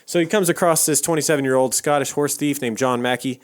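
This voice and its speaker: A man in the middle of a voice, telling a true crime story on a podcast. He talks in a loose, easygoing way, leaning on fillers and casual swearing. His tone stays conversational and unhurried. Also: mid-range voice. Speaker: podcast co-host.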